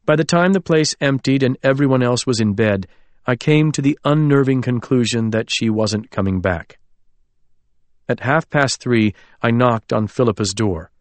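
A man reading a novel aloud as an audiobook narrator, in a measured, literary storytelling manner. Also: mid-range voice, no room sound. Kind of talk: scripted narration.

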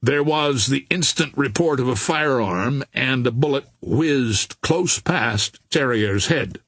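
A male narrator reads an old adventure novel aloud, slow and measured. His voice is husky and mid-pitched, recorded dry and close with no room around it. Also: a bit bright, dry recording. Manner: measured, unhurried storytelling. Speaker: audiobook narrator.

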